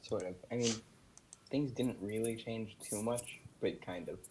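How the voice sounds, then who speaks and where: A young man running a tabletop game as dungeon master, talking hesitantly with many pauses and fillers. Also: fairly low pitch, background noise. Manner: hesitant, many ums and uhs.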